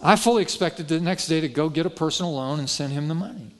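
A pastor preaching a sermon, telling a story in a folksy, self-deprecating way and acting out the dialogue. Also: male voice, fairly high pitch, fast.

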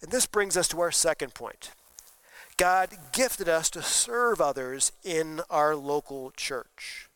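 A man's voice: on the high side, lively intonation, takes it slowly, a bit bright, clear, resonant tone, no room sound, low-quality recording. A man preaching a sermon as pastor, conversational and asking the congregation questions. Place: church sanctuary during a service.

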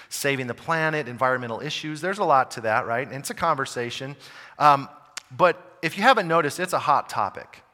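A pastor from the United States, medium-pitched and heard with a long reverb tail, preaches a sermon. He speaks conversationally, then suddenly hits words hard, with wide swings in loudness.

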